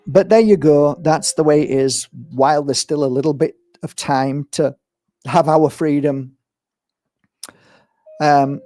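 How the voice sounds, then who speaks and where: A man with a somewhat high voice, talking in a casual, rambling livestream monologue that keeps building into passionate rants. The sound is dry and close. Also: vocal fry, darkish tone, no room sound. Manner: rambling and impassioned, given to ranting. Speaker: livestream host. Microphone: streaming setup mic.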